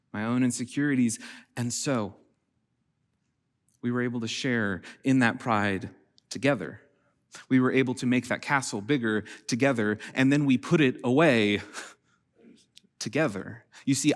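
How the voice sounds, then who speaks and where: Emphatic man preaching a sermon. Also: mid-range voice. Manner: builds to raised, emphatic preaching. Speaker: pastor. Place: church stage.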